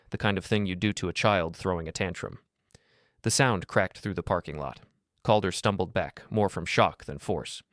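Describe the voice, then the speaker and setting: A man narrating a first-person story in a calm, even, measured way. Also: lowish voice, no room sound, clean studio sound.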